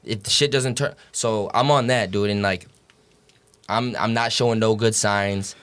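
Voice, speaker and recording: A young man with a fairly low voice tells his story as a podcast guest. He talks casually and animatedly, swearing freely and filling his speech with "like" and "dude". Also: fairly even intonation, measured pace, fairly bright tone, smooth.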